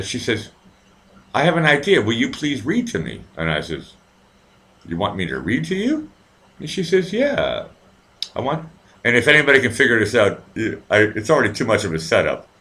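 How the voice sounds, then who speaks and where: Male live-show host, low voice, animated delivery, rambling and profane, casual storytelling. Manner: rambling, profane, with many restarts.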